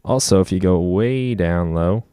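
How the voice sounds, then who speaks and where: Loud synth and trumpet demos create heavy background noise as a man casually explains each knob of his music production software in a screen recording. He speaks low-pitched and measured, relaxed and peppered with ums.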